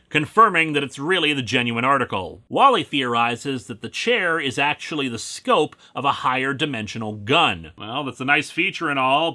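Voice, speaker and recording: A man's voice: mid-range voice, pushed and bright. A man reviewing comic books in comedic narration, full of sarcastic, wry asides.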